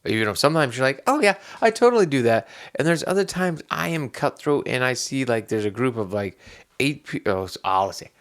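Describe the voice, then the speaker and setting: A man's voice: medium pitch, fairly quick. A man co-hosting a podcast in casual chat, telling a rambling story with many restarts and bursts of laughter. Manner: animated when acting out scenes. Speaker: podcast co-host.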